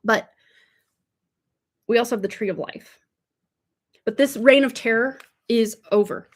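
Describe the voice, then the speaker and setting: A woman's voice: fairly high pitch, a little slow. A woman giving a casual livestream tarot reading, chatty and rambling, tripping over words and laughing them off. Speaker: tarot reader. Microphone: livestream mic.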